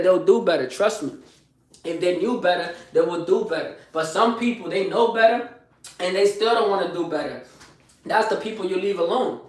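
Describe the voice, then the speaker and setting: A young man with a high voice preaches motivation on a livestream, circling back to the same points in street slang. He sits a little back from the mic in an echoey room. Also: distant mic. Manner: preachy, repetitive, street slang, asks "you heard?". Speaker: live streamer giving morning motivation. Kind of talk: casual motivational livestream talk.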